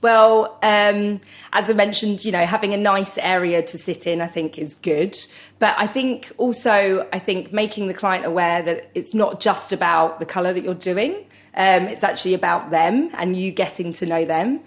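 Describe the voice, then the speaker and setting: A woman's voice: mid-range voice, moderate pace. A woman, a hair colourist guest in an interview, talking casually with many fillers and easy laughter.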